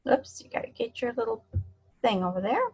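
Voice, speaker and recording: A woman giving a screen-share software tutorial in a chatty, encouraging way, talking to herself as she clicks. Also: fairly high pitch, wildly swooping pitch, a little fast, breathy edge, poor audio. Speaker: online marketing instructor.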